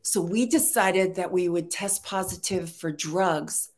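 Animated and quick to laugh, a middle-aged woman from Texas who writes plays and screenplays recounts stories as a guest in casual talk. Her voice is on the low side.

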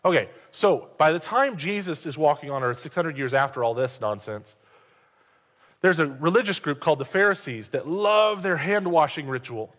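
A male pastor giving a sermon in a conversational, joking way, with quick asides to the congregation. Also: a little high, lively intonation, fairly bright tone. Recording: long hall reverb.

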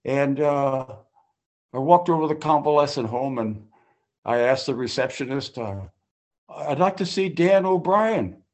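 A man's voice: medium pitch, unhurried, a little mellow. An older man sharing his personal recovery story at a group meeting, folksy and full of restarts and acted-out quotes.

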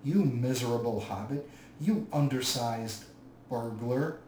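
A man voicing a proud, wrathful dwarf king who shouts in anger, in an audiobook reading. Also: medium pitch, lively intonation, measured pace, natural voice. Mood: raging. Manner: loud, raging shouts. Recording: roomy, distant mic, faint hiss.

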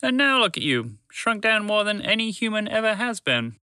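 A man's voice: high voice, sing-song, moderate pace, bright, forceful tone, clean tone, no echo, voice pushed up, exaggerated voice. A man voicing a proud, careful orange male dragon in a children's story, earnest and bossy when alarmed.

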